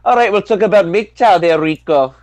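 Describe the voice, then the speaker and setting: A podcast host with a fairly high, slightly mellow voice talks a little fast, drifting from casual chat into emphatic political commentary. He repeats his points for effect.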